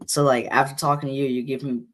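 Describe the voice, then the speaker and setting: A man co-hosting a podcast, chatting casually about football, easygoing and quick to agree. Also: medium pitch, level tone, a bit bright. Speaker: podcast co-host.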